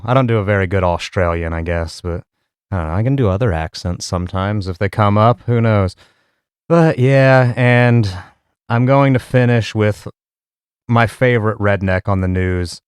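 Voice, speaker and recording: A man hosts a casual comedy commentary with crude, profane jokes. His voice comes through smooth and clear. The mic is close and the room is dry. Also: on the low side, normal speed, dry recording. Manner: crude, profane, laughing often. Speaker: podcast host.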